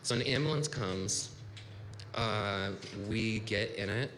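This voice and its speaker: At a live story slam in a bar, a man in his thirties tells a personal story slowly, casual and rambling, leaning heavily on "like." His voice is on the low side and a bit bright, in a reverberant room with faint noise.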